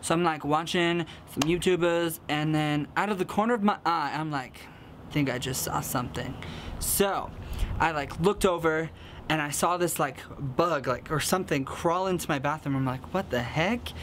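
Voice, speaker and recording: A young man from the American Midwest, excitable and giggly, telling a casual storytime vlog full of fillers. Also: a little high, normal speed, slight background noise. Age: young adult. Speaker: vlogger.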